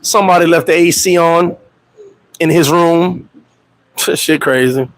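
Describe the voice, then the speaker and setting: A man hosting a casual livestream chat, animated and laughing, telling stories with profane street slang and acting out quotes in high voices. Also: slow, long pauses, dry recording, rough recording. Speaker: host. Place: Dominican Republic.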